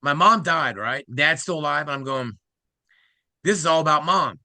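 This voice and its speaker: A middle-aged man from Ohio, excitedly telling his conversion story as an interview guest and acting out the quoted speech of others. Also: fairly high pitch, dry recording. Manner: excited, acts out quoted speech, fast asides.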